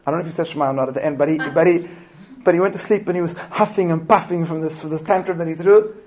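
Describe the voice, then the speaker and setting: A middle-aged man with a slightly raised voice teaches a room full of parents. He tells stories with lively swings of energy, often restarts his sentences, and keeps checking in with his listeners through quick questions. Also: a little high, poor audio. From immigrant to Australia. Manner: animated storytelling with restarts and rhetorical questions. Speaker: parenting lecturer. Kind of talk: live parenting talk to an audience.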